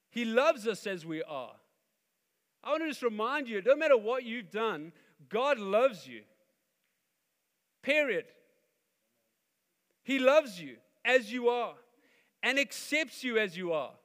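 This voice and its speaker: High-voiced male preacher in a hall. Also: measured pace, pauses often. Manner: animated preaching, acting out quoted voices. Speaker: pastor. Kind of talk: sermon. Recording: long hall reverb.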